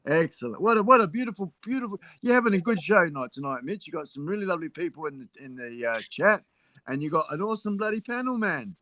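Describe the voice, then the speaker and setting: A man's voice: fairly high pitch, lively intonation, fast, bright, forceful tone, no echo. A man with an Australian accent chatting on a live stream panel, boisterous and effusive, full of slang. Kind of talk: casual live-stream chat.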